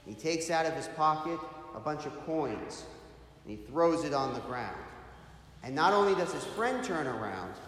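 A man's voice: on the high side, sing-song, normal speed, fairly bright tone. A man who is a priest, giving a sermon in a large church in an earnest preaching manner, with rhetorical asides to the congregation. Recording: very echoey hall, faint background hum.

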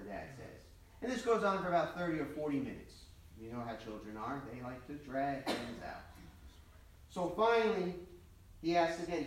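A man's voice: medium pitch, lively intonation, moderate pace, distant mic. Man preaching in a cavernous echoey church. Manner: storytelling, conversational asides. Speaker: priest. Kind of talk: sermon.

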